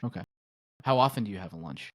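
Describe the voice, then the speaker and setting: A man talks fast in a mid-range voice, quizzing and teasing his co-host in casual podcast chat. The recording is dry and close-miked. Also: lowish voice, expressive, dry recording. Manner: quick, teasing interviewer.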